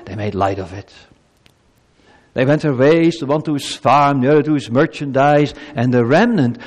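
A man preaching an evangelistic sermon in a church, pleading and impassioned, swinging between loud emphasis and hushed solemnity. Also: mid-range voice, lively intonation, normal speed, in a large hall.

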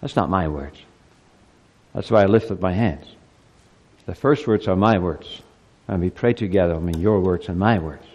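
A man in his fifties preaching a Christmas sermon to his congregation. His delivery swings between soft, quiet asides and loud, high climaxes. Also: animated, moderate pace, pauses often, in a large hall, muffled recording. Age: 50s. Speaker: pastor.

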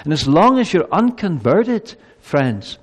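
Impassioned high-pitched preacher in an echoing hall. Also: male voice, big pitch swings, slow, husky. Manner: impassioned, pleading, swings between loud emphasis and hushed solemnity. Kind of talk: evangelistic sermon.

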